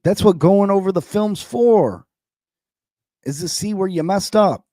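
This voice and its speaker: A man's voice: sits high, unhurried, mellow, no room sound, clean studio sound. A man hosting a sports podcast, arguing in heated, incredulous talk and repeating lines for emphasis.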